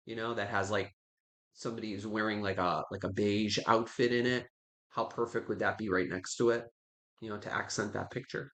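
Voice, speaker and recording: A man hosting a live online sale, chatting warmly with viewers and gushing over each item he shows. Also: lowish voice. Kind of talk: live online auction selling.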